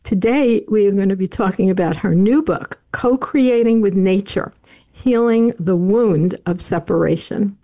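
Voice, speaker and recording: A woman hosts the show and introduces her guest in a measured, formal manner. Her voice is mellow and dark, pitched in the middle for a woman. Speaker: radio show host. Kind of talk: scripted guest introduction, then interviewing.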